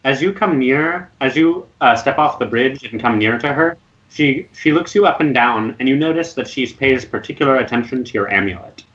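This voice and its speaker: A man's voice: medium pitch, lively intonation, fairly bright tone. Guy running a d&d game over voice chat, stops and restarts a lot, kinda muffled sound. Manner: halting, restarts while describing scenes. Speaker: dungeon master. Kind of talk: narrating a tabletop game.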